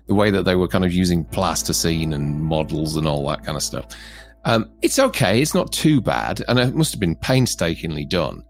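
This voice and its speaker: Low-voiced man chatting about films. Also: moderate pace, faint music behind. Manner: animated, laughs often. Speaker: co-host. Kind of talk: casual film review chat.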